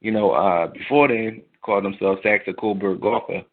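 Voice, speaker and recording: A man's voice: fairly low pitch, normal speed. A man calling in to a talk radio show, rambling with many fillers and asides. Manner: rambling, lots of fillers and "you know what I'm saying". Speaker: caller. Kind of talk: casual call-in talk. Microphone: phone call. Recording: tinny phone line.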